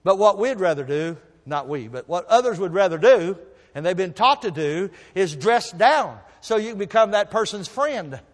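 A man preaching a sermon, telling folksy stories and swinging from soft asides to loud emphasis. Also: sits high, lively intonation, normal speed, long reverb tail. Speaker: pastor.

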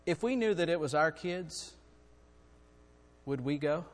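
A middle-aged man preaching a sermon in a church, earnest and building to loud, urgent storytelling. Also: fairly high pitch, lively intonation, unhurried. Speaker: guest preacher. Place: church sanctuary. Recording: long hall reverb.

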